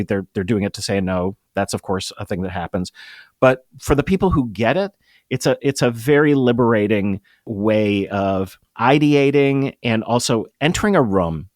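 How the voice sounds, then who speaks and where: A middle-aged man talking as a guest in an interview, explaining with emphatic, lively energy. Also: mid-range voice, moderate pace, no room sound, studio quality. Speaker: guest, improv comedy producer. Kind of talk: conversational interview.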